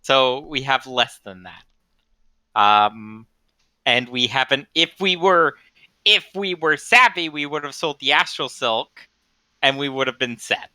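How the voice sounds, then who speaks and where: A man's voice: mid-range voice, slow, sharp tone, no echo. A man playing in a tabletop game, explaining the situation in a rueful, matter-of-fact way. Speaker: player. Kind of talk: casual chat.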